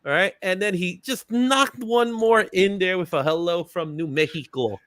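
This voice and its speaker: A man's voice: high voice, moderate pace, a bit bright, dry recording, clean studio sound. A man hosting a casual livestream, chatty and upbeat, laughing often and greeting viewers in the chat by name. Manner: laughs often, fillers like "you know what I'm saying". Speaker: livestream host.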